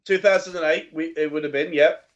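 Jokey, high-voiced man. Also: fairly even intonation, fairly quick, highs cut off. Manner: jokey, punning, stumbles over words. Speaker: podcast co-host. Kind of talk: casual chat.

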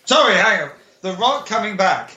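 A man co-hosting a podcast in casual chat, making blunt jokes and quick asides. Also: sits high, animated, pushed and bright, lo-fi sound. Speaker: podcast co-host. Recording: echoey room.

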